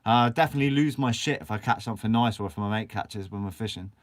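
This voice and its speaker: A young Guernsey man with a fairly low voice talks quickly from a shed. He hosts a fishing channel and answers live chat in a chatty, upbeat manner, swearing casually as he goes.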